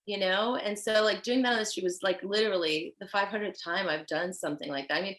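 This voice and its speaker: A woman with a Haitian accent, a fashion designer guest telling stories in an animated, chatty way. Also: medium pitch, fast talker. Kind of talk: casual chat. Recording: roomy echo.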